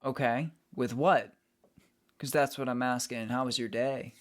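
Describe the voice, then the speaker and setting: A man's voice: medium pitch, steady tone, a little slow. A man streaming, chatting casually with his viewers and greeting them as he reads the chat. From United States.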